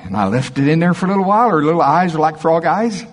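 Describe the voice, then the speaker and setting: A man preaching a sermon, telling stories with lively, animated delivery. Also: on the high side, fast. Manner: storytelling, animated in anecdotes.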